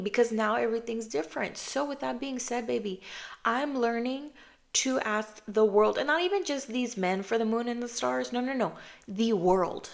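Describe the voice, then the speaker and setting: A woman in her thirties hosting a casual podcast chat, telling stories with lots of filler and calling the listener babe and girl, sometimes dropping into a hushed voice for quotes. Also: on the high side, normal speed, creaky. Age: 30s. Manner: chatty, animated storytelling, calls listener babe and girl. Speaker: podcast host.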